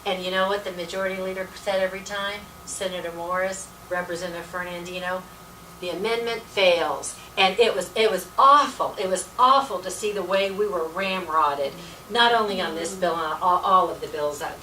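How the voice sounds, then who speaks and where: Speaking at a normal pace in a lowish, sharp voice, a female volunteer delivers a folksy, emphatic political talk at a meeting, returning again and again to "let me tell you." The recording, made in an echoey meeting room from a distant mic, carries a faint hiss.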